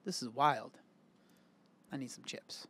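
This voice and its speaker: A man's voice: mid-range voice, slow pace, pushed and bright, breathy edge, no room sound. A man casually reacting to a video, candid and chatty, thinking aloud as he comments. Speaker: reaction host.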